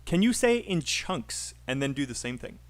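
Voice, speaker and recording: A man's voice: mid-range voice, big pitch swings, normal speed. A British man teaching an online English speaking class, coaching students with encouraging feedback. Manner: encouraging, coaching, filler-heavy.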